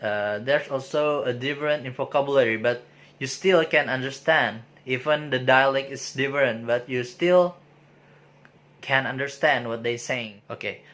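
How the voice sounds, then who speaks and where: A man giving an informal spoken lecture, pausing often with filler sounds and restarting his sentences. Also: medium pitch, fairly bright tone. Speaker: presenter explaining sociolinguistics.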